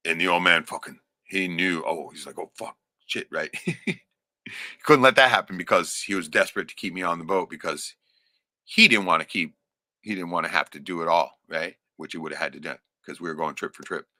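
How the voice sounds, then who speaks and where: A man's voice: low voice, a little fast, sharp tone, no room sound, studio quality. A middle-aged man telling a rambling, profane personal story in casual chat. He laughs often and keeps checking in with "right?".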